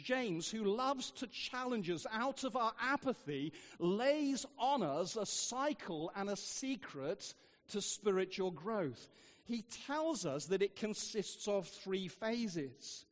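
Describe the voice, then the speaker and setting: A man's voice: high-pitched, in a large hall. A man preaching a sermon, telling funny stories with dry asides, in a church. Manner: humorous storytelling, dry asides.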